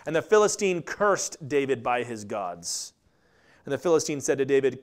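A male pastor preaching a sermon in an animated way, acting out the characters in the story. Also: medium pitch, fairly quick. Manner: animated, acts out the scripture characters.

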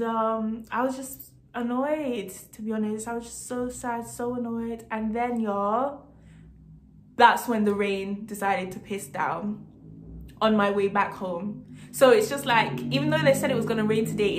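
A woman from Jamaica telling a casual storytime vlog story, emphatic, repeating herself and laughing between lines. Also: a little high. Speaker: vlogger.

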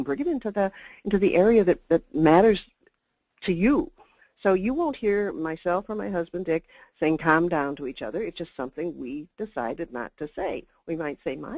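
A woman's voice: medium pitch, darkish tone, no room sound, low-quality recording. An older woman giving a chatty, emphatic customer service webinar talk with asides. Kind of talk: webinar presentation.

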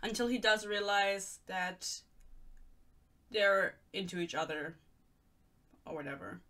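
A woman's voice: mid-range voice, slow pace, bright, forceful tone. A young woman from Germany, ranting sarcastically in casual chat as she reviews a book. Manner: sarcastic, ranting, reads excerpts aloud. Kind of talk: casual rant.

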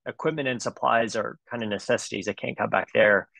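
A man's voice: on the low side, a little fast, vocal fry, fairly bright tone, dry recording, rough recording. A man in his forties, a dentist, giving a comedic webinar talk with playful, exaggerated storytelling. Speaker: dentist presenter.

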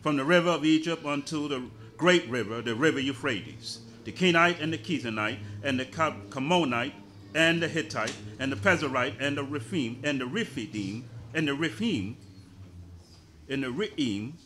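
Male scripture reader, measured and careful, bright voice. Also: medium pitch, lively intonation, a little hiss or hum. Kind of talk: reading scripture aloud.

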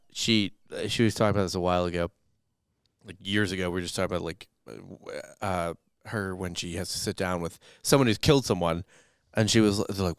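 A man's voice: low-pitched, clear, resonant tone, dry recording, clean studio sound. A man co-hosting a comedic history podcast, chatting casually and rambling through jokes and silly voices. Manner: jokey, rambling, breaks into silly character voices. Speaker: podcast co-host.

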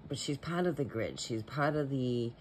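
A man's voice: medium pitch, expressive, moderate pace, a little mellow, slight background noise. A man in a casual vlog voice-over, talking in an earnest, rambling way as a paranormal vlogger.

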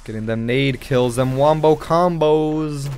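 A young man giving casual gameplay commentary, excitable and swearing, with sudden loud outbursts. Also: medium pitch, unhurried, slight background noise. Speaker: gaming channel host.

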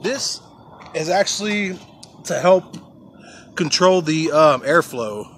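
Slow but animated, a fairly high-voiced man hosts his barbecue channel's casual cooking vlog out by the smoker, with slight background noise. The pepper rub has him coughing as he chats in a folksy way to folks and y'all.

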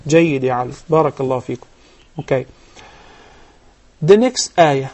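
A man teaching recitation rules on a TV lesson, explaining step by step and chanting verses slowly. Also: fairly high pitch, expressive, mellow. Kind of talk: televised recitation lesson with live callers.

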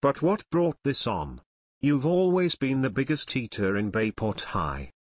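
A man's voice: mid-range voice, big pitch swings, unhurried, darkish tone, no room sound, clean studio sound. A man voicing a friendly, curious teenage boy detective.

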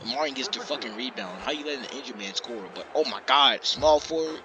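A young man giving casual, excitable play-by-play commentary on a basketball game, swearing and trash-talking the players. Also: medium pitch, fairly quick, few pauses, over a noisy crowd. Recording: slightly muffled lo-fi audio, faint background noise.

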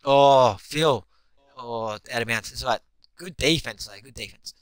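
A man's voice: mid-range voice, unhurried, smooth, no room sound. Young male gamer, heated, foul-mouthed live play-by-play, dry close mic, mid-range voice. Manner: excitable, swears constantly, shouts at teammates. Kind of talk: live gameplay commentary.

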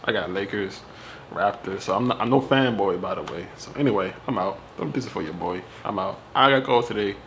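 A lower-voiced man chats through a casual gadget review, talking straight to his viewers in loose slang. He is animated and hypes things up as he goes. A faint hum of room noise sits under his voice. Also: fairly quick. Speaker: tech reviewer. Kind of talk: casual unboxing review vlog.

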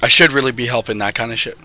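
A young man giving casual, excitable commentary while he plays a video game at home. He swears freely and calls out to his teammates. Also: medium pitch, dry recording. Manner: excitable, swearing, laughing, talking to teammates on screen. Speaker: gamer streaming gameplay. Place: home, early morning, no camera.

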